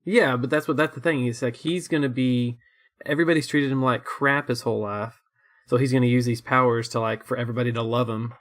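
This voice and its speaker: A man's voice: medium pitch, steady tone, brisk. Laughing, rambling young man. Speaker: co-host. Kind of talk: casual chat reviewing shows.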